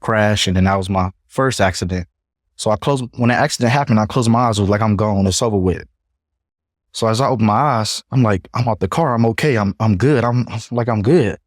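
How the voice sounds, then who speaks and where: A young man, a podcast guest, telling his own story in a casual, animated way and acting out what others said. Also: lowish voice, a little fast, no echo, clean studio sound. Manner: animated retelling, acts out others' voices.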